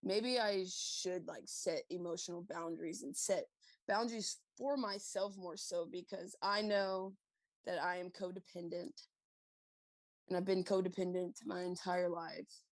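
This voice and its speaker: A woman's voice: fairly low pitch, steady tone, a little slow, no room sound. A woman guest on a podcast, talking in a candid, reflective way with lots of fillers. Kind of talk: casual conversation.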